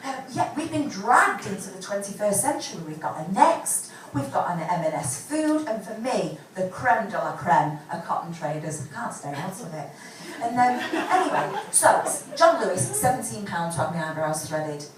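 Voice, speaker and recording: A woman's voice: mid-range voice, sing-song, normal speed, hardly any pauses, a crowd in the background. A woman, doing a chatty, self-deprecating stand-up set at a pub gig and swearing freely. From England. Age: 40s. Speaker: stand-up comedian. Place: pub comedy gig with live audience. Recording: roomy distant live recording with background noise.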